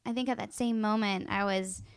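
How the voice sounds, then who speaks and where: A woman co-hosting a casual home podcast with her partner, pregnant, relaxed and giggly, agreeing easily and telling stories about high school. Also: fairly quick, gravelly, clear, resonant tone, no room sound, clean studio sound. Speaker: podcast co-host. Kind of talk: casual chat.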